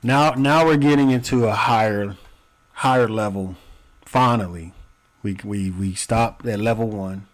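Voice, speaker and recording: A man hosting a live show, commenting in a slow, pointed, questioning way on a clip he plays. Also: on the low side. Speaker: host reacting to a clip. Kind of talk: commentary over a played clip.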